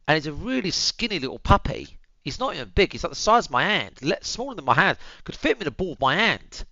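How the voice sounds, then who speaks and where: A man's voice: on the high side, sing-song, quick pace, sharp tone, dry recording, muffled recording. A young man, telling a story to his viewers in casual chat, swearing freely and calling them boys and bro, muttering asides while he tends his dog. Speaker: streamer.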